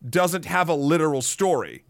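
A man's voice: a little high, animated, moderate pace, dry recording. A man co-hosting a film podcast, making his points casually with some hesitation. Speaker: podcast co-host.

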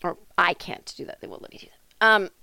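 A woman's voice: fairly low pitch, a little fast, vocal fry, sharp tone, no room sound. A woman hosting a comedic podcast, ranting in a sarcastic, indignant and profane way. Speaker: podcast host. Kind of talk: comedic rant monologue.

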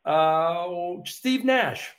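Man, somewhat high voice, podcast host, playful, hesitant fillers, casual interview. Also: animated, very slow, a little hiss or hum.

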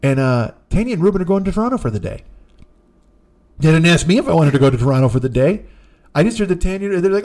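A man hosting a podcast alone, ranting in a profane, exasperated way and jumping into shrill mock outrage. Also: big pitch swings, fast. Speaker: podcast host. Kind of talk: solo comedic rant.

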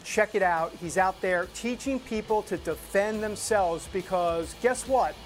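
A woman's voice: medium pitch, a little slow, soft background music. A woman hosting a casual political talk show, chatty and often laughing as she reads. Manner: chatty, laughs while reading.

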